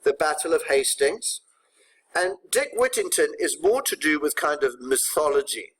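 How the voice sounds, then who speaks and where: A man teaching English poetry to his students, explaining the poems briskly and checking in with tag questions. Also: a little high, very animated, a bit bright, slightly rough, poor audio. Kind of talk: recorded poetry lesson.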